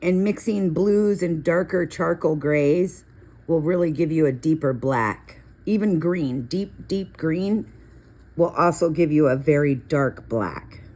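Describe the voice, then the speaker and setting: Low-voiced chatty woman colorist. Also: a little slow, darkish tone. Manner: chatty, storytelling, rambling asides. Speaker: coloring video host. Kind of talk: casual coloring tutorial chat.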